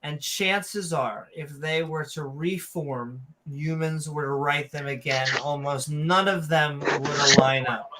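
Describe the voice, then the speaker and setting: A man with a Northeast US accent, co-hosting a casual podcast in a rambling, animated way with many ums. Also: on the high side, slow pace, hardly any pauses. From Philadelphia area. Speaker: co-host.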